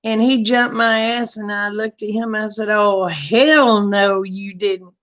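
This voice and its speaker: A woman's voice: mid-range voice, steady tone, normal speed, fairly bright tone. A woman hosting a casual livestream, greeting viewers by name and telling frank personal stories with frequent laughter. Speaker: livestream host chatting with viewers. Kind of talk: casual chat, storytelling.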